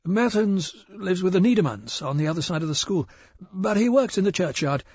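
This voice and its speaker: Man doing a hoarse, jittery village shopkeeper. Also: high-pitched, lively intonation, a little fast, darkish tone, dry recording, muffled recording, pitched above the performer's own voice, full character voice. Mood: nervous. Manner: nervous, hesitant, stammering. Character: nervous hoarse male village shopkeeper, middle-aged. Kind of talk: audiobook character voice.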